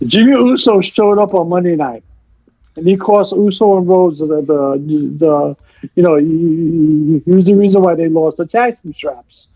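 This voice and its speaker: Fired-up guy with a high voice, cussing and recapping, kinda muffled dry audio. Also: moderate pace, dry recording. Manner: excitable, swears, retells scenes. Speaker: co-host. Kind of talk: casual wrestling chat.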